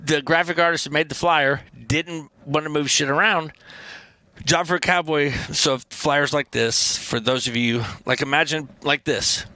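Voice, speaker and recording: A man guesting on a podcast, telling animated, profane band stories in casual chat. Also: a little high, moderate pace, dry recording. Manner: animated, profane, acts out quotes in loud voices. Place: podcast studio.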